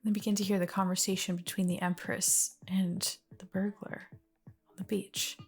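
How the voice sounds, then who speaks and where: A woman's voice: mid-range voice, flat delivery, normal speed, slightly rough, soft background music. A woman narrating as game master of a fantasy storytelling game, in a casual, loose way with fillers.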